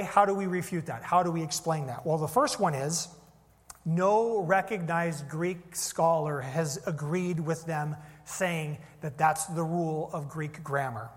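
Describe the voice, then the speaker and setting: A man preaching a teaching sermon, explaining points step by step with frequent fillers. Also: on the high side. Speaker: pastor. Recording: long hall reverb.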